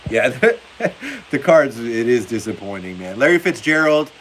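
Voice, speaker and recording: Dude streaming a game, chill chat, laughs a lot, mid-pitched voice, bit of hiss. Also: male voice, animated, unhurried, poor audio. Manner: laughs often, reads viewer comments aloud. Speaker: livestream host. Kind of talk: casual live game commentary and chat. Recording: faint hiss behind the voice.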